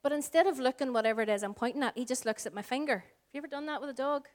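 A woman in her forties with a Northern Irish accent, preaching a sermon as pastor, earnest and shifting between slow emphatic lines and soft, hushed phrases. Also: high-pitched. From Northern Ireland. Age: 40s. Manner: earnest, varies pace, drops to soft whispers for emphasis.

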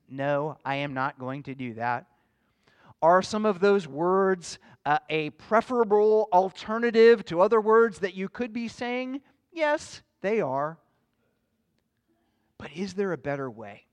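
Sitting high and sounding smooth, this male pastor's voice carries an earnest sermon. He teaches at a measured pace and questions his listeners as he goes.

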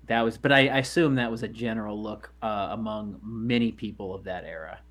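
A man's voice: on the low side, brisk, a bit bright. A man co-hosting a podcast who chats casually and throws in wry, teasing questions. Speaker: podcast co-host. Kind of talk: casual chat.

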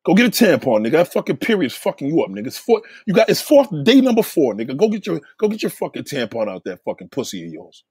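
A man's voice: quick pace, few pauses, breathy edge, no room sound. Profane, ranting male streamer. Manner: animated, swinging pitch. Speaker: channel host reacting to viewers. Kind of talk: heated live commentary.

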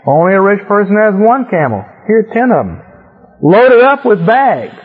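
A man voicing a greedy grown man who gets excited over a rich guest's wealth, in a muffled lo-fi recording. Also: high voice, fairly quick. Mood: greedy excitement. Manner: excited, grasping asides.

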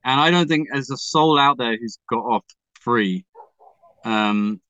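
Bright-voiced English man, rambling and heartfelt. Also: mid-range voice, a little slow, no echo, muffled recording. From England. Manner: rambling and emotional, with many restarts and casual swearing. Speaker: musician guest. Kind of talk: candid conversational storytelling.

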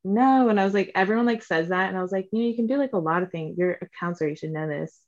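A woman's voice: fairly low pitch, rapid-fire, dull audio. A woman in her twenties telling a story in casual chat, acting out what people said, swearing and saying "like" a lot. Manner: animated, acts out quotes, swears, says "like" often.

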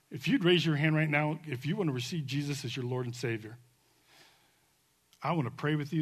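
A male pastor preaching at a church service, swinging from soft pleading to loud fervent calls and leading an altar call and prayer. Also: mid-range voice, husky.

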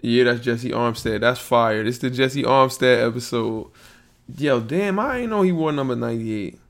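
A man hosting his own podcast alone, rambling in a relaxed, slangy way and thinking out loud. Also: mid-range voice, moderate pace. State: yawning, a bit sleepy. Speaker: podcast host. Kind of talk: casual solo podcast monologue.

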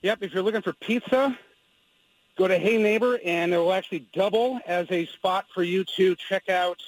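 High-pitched male caller with wry food tips. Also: moderate pace, a little hiss or hum, low-quality recording. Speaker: caller, researcher.

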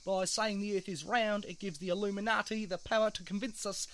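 A man's voice: high-pitched, fairly even intonation, brisk, fairly bright tone. A man doing a stoned Australian caterpillar. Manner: rambling, swearing, keeps forgetting, coughing. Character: stoned paranoid male caterpillar, conspiracy theorist. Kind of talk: animated comedy voice acting.

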